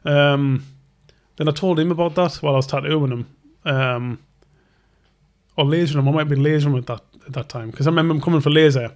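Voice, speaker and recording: A man's voice: a little high, moderate pace. A young man who is a tattoo artist, casually telling a long story and acting out both sides of the conversation, with lots of restarts. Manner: rambling, self-interrupting, acts out both sides of conversations. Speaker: tattoo artist, podcast host.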